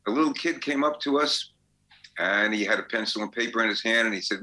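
Bright-voiced older male storyteller. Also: fairly low pitch, fairly quick, low-quality recording. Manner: chatty storyteller, laughs as he talks. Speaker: songwriter guest. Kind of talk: anecdotal interview.

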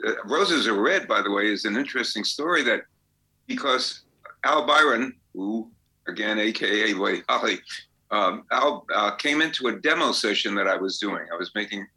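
A sharp-toned, mid-range male voice comes through a rough recording. The speaker, a songwriter guest in his eighties, relates anecdotes in a chatty interview and laughs throughout.

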